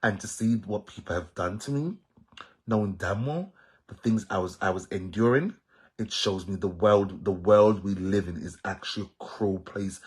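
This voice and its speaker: A man's voice: lowish voice, breathy edge. A man with a Jamaican accent talking straight to his viewers in a casual monologue, emphatic and repetitive, standing firm on his opinions. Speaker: social media commentator.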